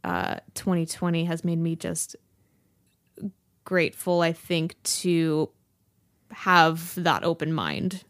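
A woman guest on a podcast, chatting in a relaxed, reflective way and laughing easily. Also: low-pitched, slow, long pauses, no room sound, studio quality. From United States. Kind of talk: casual chat.

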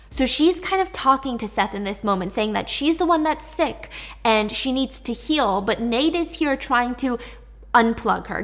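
A woman narrating a dark story in a chatty, casual retelling with wry asides. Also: fairly high pitch.

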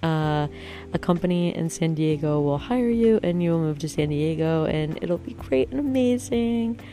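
A woman's voice: deep voice, animated, normal speed, mellow. A young woman in her twenties telling a casual story about a night out, chatty and self-mocking, full of "like" and "um". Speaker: vlogger.

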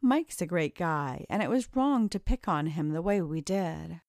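A woman's voice: fairly low pitch, expressive, measured pace, no room sound, clean studio sound. A woman voicing a kind and friendly young woman. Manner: warm, friendly.

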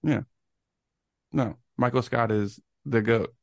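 A man's voice: medium pitch, takes it slowly, creaky, dry recording, clean studio sound. A young man co-hosting a podcast, chatting casually, joking and giving firm opinions. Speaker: podcast co-host. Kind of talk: casual chat.

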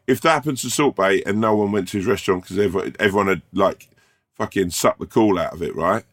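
A man co-hosting a casual podcast, with a very deep, low voice. He rambles and swears freely, and acts out imagined exchanges. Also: quick pace. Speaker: podcast co-host.

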